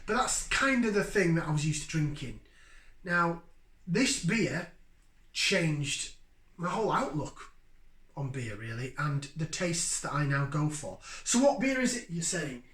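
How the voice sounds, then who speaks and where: A man with a fairly high voice, hosting a relaxed beer review. He talks to his viewers in a chatty, enthusiastic way. The recording carries a noticeable room echo. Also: measured pace. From Yorkshire, England. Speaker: beer review channel host. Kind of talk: casual beer review vlog. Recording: roomy, echoey room sound.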